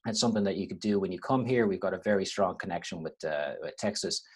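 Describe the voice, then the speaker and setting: A man in his thirties with an Irish accent, giving a relaxed webinar talk on a video call, with frequent restarts. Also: low voice, fast, slightly rough. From Ireland. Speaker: university lecturer.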